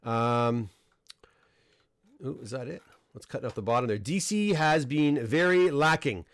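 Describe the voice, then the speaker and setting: A middle-aged man with a Canadian accent hosts a casual live unboxing, talking in an easygoing, meandering way full of restarts and fillers. His voice sits at an ordinary middle pitch. It is recorded close on a desk microphone in a dry room. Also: measured pace, no room sound. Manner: relaxed, rambling, frequent restarts and fillers. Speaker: comic book dealer and host. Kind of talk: casual livestream unboxing chat.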